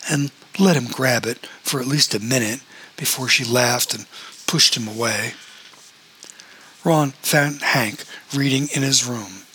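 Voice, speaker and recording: Male narrator, audiobook, steady, bright tone, husky edge. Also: mid-range voice, low-quality recording.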